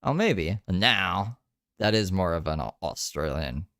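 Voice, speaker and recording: A man's voice: low-pitched, animated, unhurried, a bit bright, dry recording, clean studio sound. A man streaming casual reaction commentary, skeptical and sarcastic, swearing freely.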